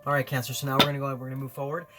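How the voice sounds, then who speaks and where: A man's voice: medium pitch, completely flat delivery, racing, loud music behind the voice. A man giving a weekly tarot reading to camera in an earnest, encouraging way, often repeating phrases for emphasis. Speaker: tarot reader.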